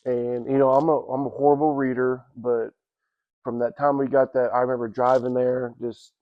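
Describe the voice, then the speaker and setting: A man giving a casual personal testimony at church, telling it in a halting, rambling way with many restarts and "you know what I'm saying.". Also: mid-range voice, flat delivery, narrow, tinny audio.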